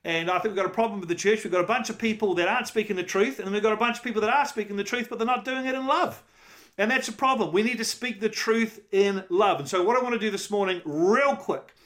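High-voiced man preaching conversationally. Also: a bit bright. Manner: conversational, emphatic preaching with rhetorical questions. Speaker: pastor. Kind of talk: sermon.

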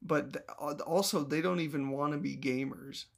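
A man's voice: fairly high pitch, steady tone, moderate pace, gravelly. A man co-hosting a gaming podcast, chatting casually with laid-back agreement and dry humor. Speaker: podcast co-host. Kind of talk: casual chat.

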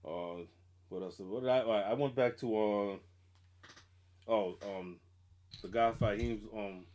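A man's voice: on the low side, unhurried, a little mellow. A man co-hosting a podcast, chatting casually about hip hop, swearing and trailing off into mumbles. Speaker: podcast co-host.

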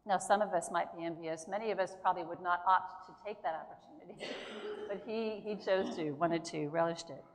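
A woman preaching a sermon in a church, earnest and emphatic, with slow pauses between phrases. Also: lowish voice. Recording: long hall reverb.

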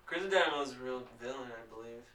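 Man, bright voice, off-mic in echoey room. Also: mid-range voice, rapid-fire, recorded from a distance. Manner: laid-back, laughs often. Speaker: podcast guest. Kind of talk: casual chat.

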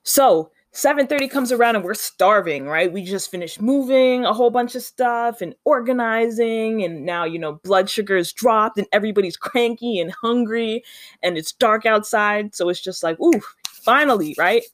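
Animated vlogger telling a story, acts out the lines, dry sound. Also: mid-range voice, moderate pace, no echo. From Canada. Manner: animated, chatty, acts out quoted dialogue. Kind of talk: casual storytime vlog.

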